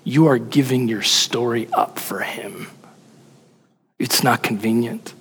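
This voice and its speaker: A man preaching a sermon in an animated, emphatic way, asking rhetorical questions. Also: medium pitch, slow pace, husky, long reverb tail. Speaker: pastor.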